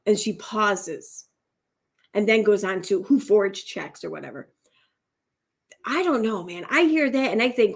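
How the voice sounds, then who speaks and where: Husky-voiced sarcastic woman commentator. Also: mid-range voice, animated, measured pace, pauses often. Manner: sarcastic, musing, filler-heavy. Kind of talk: casual reaction commentary.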